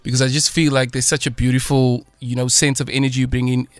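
Brief: male radio host, upbeat, mid-pitched, dry close studio sound. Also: flat delivery, quick pace, no echo. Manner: upbeat, affirming, chatty. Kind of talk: live radio interview. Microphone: studio microphone.

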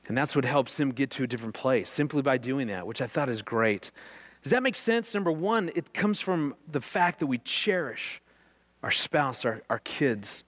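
A middle-aged man giving a faith-based teaching talk on marriage, an earnest and animated storyteller who repeats words when excited. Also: mid-range voice, moderate pace. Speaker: marriage speaker.

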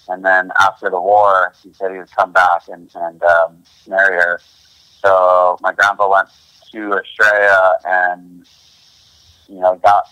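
A man's voice: sits low, sharp tone, smooth, dry recording, low-quality recording. A man talking as a podcast guest in a loose, rambling way, full of restarts and "you know". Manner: rambling, heavy on fillers and restarts. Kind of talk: casual interview chat.

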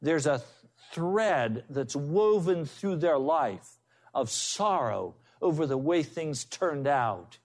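A man's voice: on the high side, expressive, takes it slowly, darkish tone. A man preaching a sermon as a pastor, telling folksy stories to make his point.

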